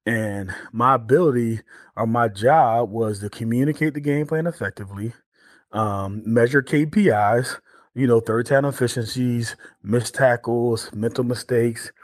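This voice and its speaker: A man in his forties, a guest on a podcast, telling stories in an animated way with many restarts and fillers. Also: medium pitch, a little slow, no room sound, clean studio sound. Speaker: guest, former pro football player turned entrepreneur. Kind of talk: storytelling podcast interview.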